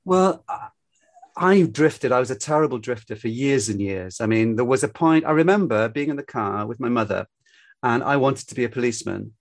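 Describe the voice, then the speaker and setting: A man's voice: mid-range voice, lively intonation, fairly quick. An older man from Scotland with a light Glaswegian accent, a storyteller guest talking casually in an interview, reflective and drifting into anecdotes. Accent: light Glaswegian Scottish.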